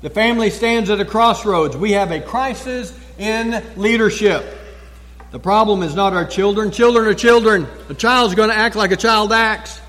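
A man preaching a sermon as a pastor. He is emphatic, repeats key phrases and pauses for effect. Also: high-pitched, a bit bright. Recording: long church reverb.

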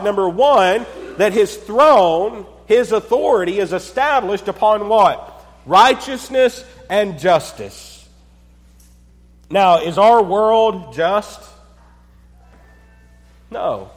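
A man preaching a Sunday sermon to his congregation. He asks rhetorical questions and pauses for effect, dropping to a low hush on key words. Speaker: pastor. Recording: long hall reverb.

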